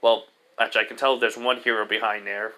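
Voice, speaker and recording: A man's voice: lowish voice, little pitch movement, fast, bright, forceful tone. A man voicing an easygoing young male hero in an improvised fan story, talking in a hesitant, rambling way with many fillers. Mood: calm.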